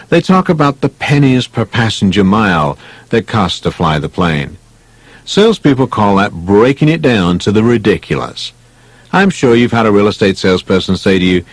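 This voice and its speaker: A man's voice: lowish voice, dry recording, rough recording. Male narrator for self-help audiobook: emphatic, chatty storyteller, dry close-mic sound. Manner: emphatic, conversational, lively storytelling.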